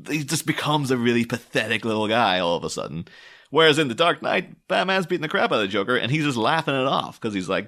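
A man talking casually and at length about film villains, rambling with many fillers and restarts and breaking into animated quoted voices. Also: medium pitch, fairly quick. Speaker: film commentator. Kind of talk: casual film analysis talk.

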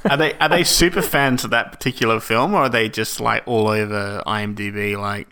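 A man's voice: fairly low pitch, fairly even intonation, brisk, sharp tone, clear, resonant tone. A man co-hosting a casual film commentary chat, laughing often and acting out quoted lines. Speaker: podcast co-host.

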